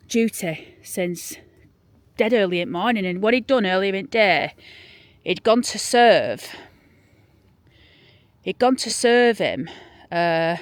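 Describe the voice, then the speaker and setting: Walking outdoors through a churchyard, a Yorkshire woman vlogger and graveyard guide chats her way through a local true-crime story in a rambling manner. Her medium-pitched voice carries no room sound and sinks to a hushed near-whisper when she shows the graves.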